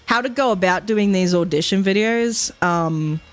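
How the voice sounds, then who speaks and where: A young Australian woman streaming, telling a story in animated casual chat, laughing often and swearing freely. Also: mid-range voice, moderate pace.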